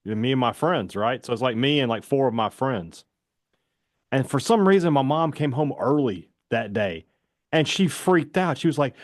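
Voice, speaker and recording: A man co-hosting a sports talk radio show, telling stories and giving takes in an animated, fast-bursting way. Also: medium pitch, no room sound, studio quality. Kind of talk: casual sports talk chat.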